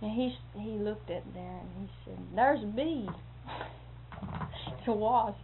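A woman telling a long anecdote in casual conversation, acting out what others said with sound effects like "boom" and breaking into laughter. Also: a little slow. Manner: animated, acts out quoted speech with sound effects and laughter. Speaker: storyteller. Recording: tinny lo-fi recording with faint hiss.

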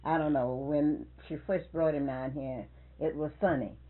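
A woman's voice: low voice, a little slow. Older woman telling family stories, tinny sound. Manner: lively, animated retelling with quoted dialogue. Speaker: interviewee. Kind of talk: storytelling in conversation.

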